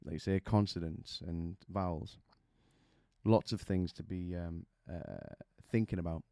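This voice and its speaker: A man's voice: deep voice, fairly even intonation, a little slow, creaky, dark tone, no room sound, clean studio sound. A man coaching singers, explaining vocal technique with images and questions to the listener.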